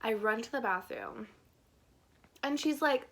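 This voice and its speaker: A woman's voice: a little high, unhurried, a bit bright. A young adult woman telling a story on her vlog in a chatty, filler-heavy way, often breaking into laughter. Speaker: vlogger.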